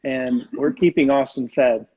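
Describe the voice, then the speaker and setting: A man's voice: mid-range voice, fairly even intonation, a little slow, husky, narrow, tinny audio. A man who is a head baker, talking casually and plainly on a live video call. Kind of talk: casual live-stream chat.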